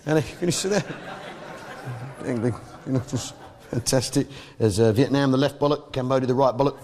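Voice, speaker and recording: A man's voice: mid-range voice, brisk, darkish tone, a little hiss or hum. A man with a British accent doing a blustering stand-up comedy routine, joking with the crowd. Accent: British English. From Britain. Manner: brash, blustering, jokes with the crowd.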